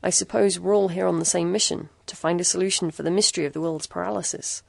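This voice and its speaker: A woman voicing a sinister, gaunt older man who talks in a hoarse, slow, falsely courteous voice. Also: fairly even intonation, no room sound. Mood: oily. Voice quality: hoarse, booming.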